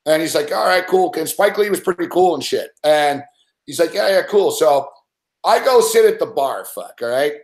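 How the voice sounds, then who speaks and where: A man's voice: fairly high pitch, animated, moderate pace. Foul-mouthed, rambling man in a roomy echo. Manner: rambling, swears constantly. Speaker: sports betting show regular. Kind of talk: casual storytelling chat.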